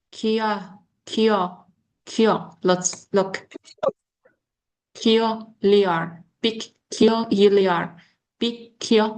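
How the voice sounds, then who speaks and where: A young woman teaching an online English pronunciation lesson. She halts often with fillers and slowly repeats words as models. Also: medium pitch.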